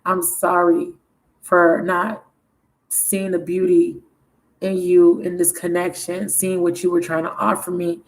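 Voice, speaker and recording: A woman voicing a remorseful man who begs his former partner for another chance, in a pleading, drawn-out way. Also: fairly low pitch, monotone, rough recording.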